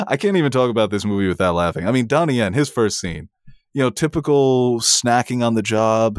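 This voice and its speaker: This podcast co-host has a mid-range voice with lively intonation and talks at a normal speed, excitedly discussing films while laughing and cursing often. The sound is dry and studio-clean.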